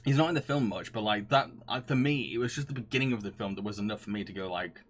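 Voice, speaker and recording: A man's voice: on the low side, fast talker, background noise. A man streaming live, chatting casually and reading viewer comments, often laughing and gushing with frequent restarts.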